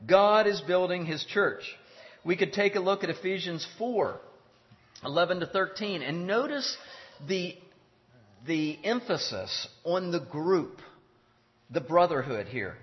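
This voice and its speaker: Earnest higher-voiced man preaching in a hall. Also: lively intonation. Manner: earnest, deliberate, with repeated key phrases. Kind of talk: sermon. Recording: dull lo-fi sound in a reverberant hall.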